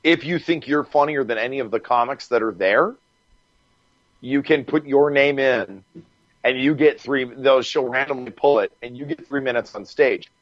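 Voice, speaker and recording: A man guest on a podcast, telling stories in a casual, animated way, swearing freely and laughing as he goes. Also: mid-range voice, moderate pace, no echo, dull audio. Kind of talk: casual storytelling.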